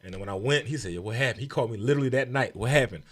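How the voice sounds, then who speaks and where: Young Baltimore comedian, Baltimore accent, rapid profane storyteller with a mid-range voice. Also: male voice, medium pitch. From Baltimore, USA. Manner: profane, animated storytelling with acted-out quotes. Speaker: comedian guest. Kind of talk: casual podcast storytelling.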